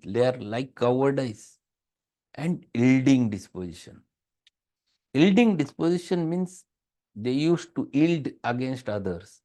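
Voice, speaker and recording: A man with a Marathi-tinged Indian English accent gives a classroom lecture, stressing and repeating key words. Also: mid-range voice. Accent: Marathi-influenced Indian English. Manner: emphatic, repeats key words, acts out patients' soft replies.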